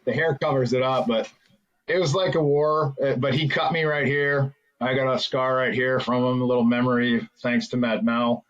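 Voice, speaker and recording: A man's voice: medium pitch, steady tone, moderate pace, fairly bright tone, highs cut off. A man, a former hockey player, rambling through anecdotes as a podcast guest, with many fillers and restarts. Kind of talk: casual storytelling interview.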